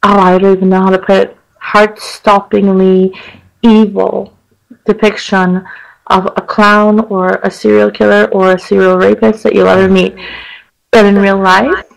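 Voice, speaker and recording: Woman host with a gravelly voice. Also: mid-range voice, flat delivery, moderate pace, low-quality recording. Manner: effusive, dramatic emphasis. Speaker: radio host. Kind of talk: casual interview chat. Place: radio studio.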